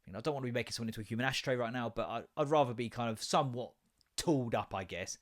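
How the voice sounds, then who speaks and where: A man's voice: medium pitch, very fast. A man hosting a podcast, telling a story in a casual, sweary rant. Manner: animated, sweary, mimics voices in anecdotes. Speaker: podcast host.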